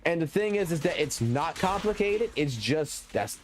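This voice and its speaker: A young man from Louisiana with a Southern accent, ranting loudly and profanely while chatting on a live stream. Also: on the high side, moderate pace. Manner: loud, profane, energetic ranting. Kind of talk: casual ranting stream chat.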